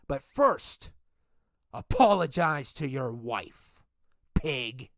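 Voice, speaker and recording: A man's voice: mid-range voice, big pitch swings, a bit bright, no room sound, studio quality, voice pushed down, exaggerated voice. A man doing a taunting wrestling-group villain. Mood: menacing. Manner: taunting, drawn-out threats. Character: menacing male leader of a villainous wrestling group. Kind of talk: wrestling game role-play.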